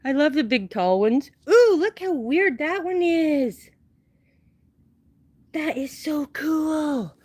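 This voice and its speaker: A woman's voice: sits high, expressive, slow, a little mellow, no room sound, voice pushed up. A woman putting on the voice of a giggly sightseer who gushes over plants. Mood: gushing.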